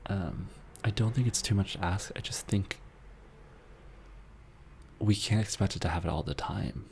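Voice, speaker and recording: A man with a deep, gravelly voice talks softly in an ASMR live chat. He rambles in a tender, earnest way and sometimes drops into a whisper while he answers his viewers. A faint hiss sits under his voice. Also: normal speed. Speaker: ASMR channel host reading viewer messages.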